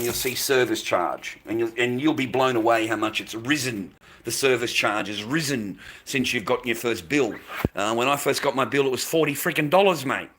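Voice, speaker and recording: Australian man, forceful bright tone, blunt streamer rant, swears freely, repeats points. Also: medium pitch, a little hiss or hum. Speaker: livestream host. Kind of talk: casual ranting to viewers.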